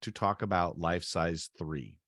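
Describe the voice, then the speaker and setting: A man's voice: sits low, steady tone, a little slow, a bit bright, no room sound, clean studio sound. A man co-hosting a podcast, steering the talk and chiming in with short replies. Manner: steering the segment, brief backchannels. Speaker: podcast co-host. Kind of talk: casual podcast chat.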